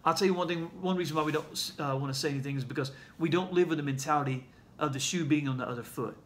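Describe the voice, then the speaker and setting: A man with a Southern accent sharing a heartfelt message in a casual video, speaking earnestly and haltingly, with many fillers. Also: a little high, slight background noise. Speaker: ministry leader sharing a message.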